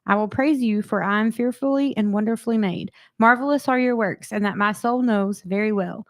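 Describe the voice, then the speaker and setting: A woman reads scripture aloud in an even, steady way. The recording is dry, with no room sound. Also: medium pitch, fairly quick, no echo. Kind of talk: scripture reading and brief comment.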